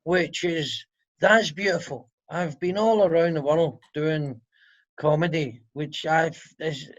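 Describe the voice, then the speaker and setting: Scottish Glaswegian male comedian, sarcastic, sweary, slightly high voice, dull video-call audio. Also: slow. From Scotland. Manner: sarcastic, swears freely, laughs a lot. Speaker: comedian guest. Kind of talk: casual interview chat.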